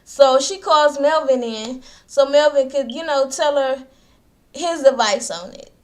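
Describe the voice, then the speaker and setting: High-pitched woman doing a gossipy chatty recap vlog, talking right at the viewers. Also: unhurried. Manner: chatty, addresses viewers directly with asides. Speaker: vlogger recapping a reality show.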